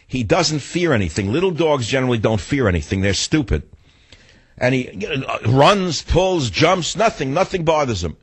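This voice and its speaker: Husky ranting New man. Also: mid-range voice, sing-song, normal speed, no room sound. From New York. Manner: blunt, ranting, digressive. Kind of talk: opinionated storytelling monologue.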